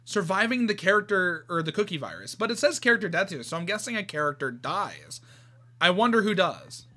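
A man's voice: high voice, lively intonation, a little fast, pushed and bright. A man reading a fan story aloud and reacting with shocked exclamations and asides.

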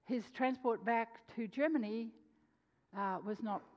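A woman preacher telling a story in a sermon, animated, swinging between loud and hushed delivery. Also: a little high, a little slow. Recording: dull lo-fi sound with long hall reverb.

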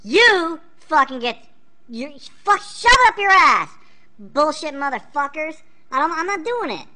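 A woman voicing an angry penguin on strike who rants, swears and shouts. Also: sits high, sing-song, measured pace, full character voice. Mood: furious. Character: furious penguin on strike, foul-mouthed.

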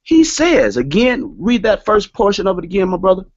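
Male lecturer, emphatic sermon delivery with lively pitch swings, muffled lo-fi sound. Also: moderate pace. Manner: emphatic, repeats key statements. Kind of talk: sermon-style scripture lecture. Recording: dull lo-fi audio.

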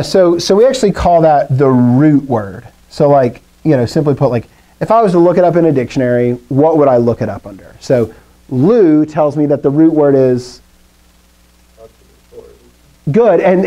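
A man's voice: fairly high pitch, warm tone. A man teaching a classroom lesson, first reciting drills, then explaining with fillers and questions to the students.

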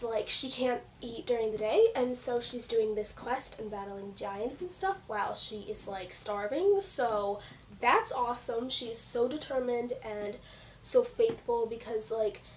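Woman book reviewer, higher voice, croaky from losing it, rambling fan energy, mic a bit distant with faint hiss. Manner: gushing, rambling with "like" and "so". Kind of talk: casual book talk.

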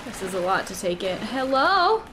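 A woman's voice: mid-range voice, very animated, normal speed, background noise. A woman giggling and exclaiming while playing a video game, chatting to the characters on screen. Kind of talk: let's-play commentary. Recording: voice over game music.

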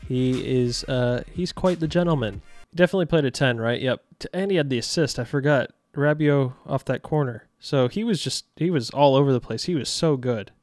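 A young man giving jokey, excitable commentary over his own video game match, yelling at the big moments. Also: medium pitch, a little fast, no echo, faint music behind. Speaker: gaming YouTuber. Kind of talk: live gameplay commentary.

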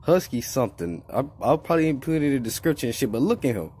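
A man giving casual let's-play commentary, profane and excitable, trash-talking as he plays. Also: medium pitch, fast talker, slight background noise. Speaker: gaming YouTuber. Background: game music.

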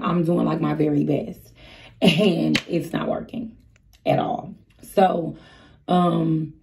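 A vlogger in her 30s, with a fairly low, creaky, dark-toned voice, chats through a storytime. She's frank and chatty, talking directly to those watching.

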